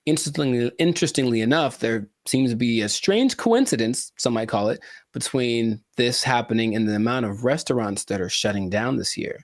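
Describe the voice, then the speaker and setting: A man's voice: medium pitch, lively intonation, fairly quick, no echo, studio quality. A man from California co-hosting a casual podcast, playful and theatrical, repeating words and adding mock-dramatic asides. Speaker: podcast co-host.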